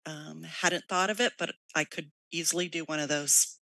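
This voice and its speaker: A staff member answers board questions at a public meeting in a plain, explanatory way, now and then restarting a phrase. The voice has a bright, forceful edge and sounds dry and close, with no room around it. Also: mid-range voice, fairly even intonation, moderate pace, creaky, dry recording, poor audio.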